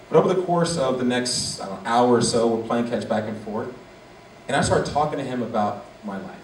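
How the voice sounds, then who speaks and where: A man's voice: mid-range voice, brisk. A man in his forties giving a motivational speech as a guest speaker, telling a personal story and acting out its dialogue. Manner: animated, acts out dialogue. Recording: echoey hall, distant mic, faint noise.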